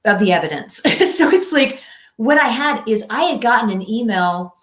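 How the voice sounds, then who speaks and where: A woman chatting as a podcast guest, telling stories in an animated way and laughing often. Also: a little high, normal speed. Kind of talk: casual conversation. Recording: echoey room sound.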